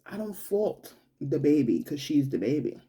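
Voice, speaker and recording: A young adult woman talks slowly and from the heart in a personal monologue. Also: sits low, very animated, dark tone, husky. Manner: slow, heartfelt, colloquial and conversational. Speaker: vlogger.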